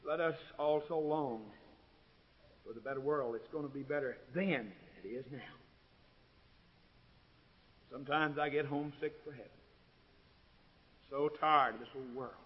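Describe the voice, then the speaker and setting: A man preaching a sermon, swelling to loud, ringing climaxes and then dropping to a low, quiet tone. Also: moderate pace, pauses often, husky, lo-fi sound.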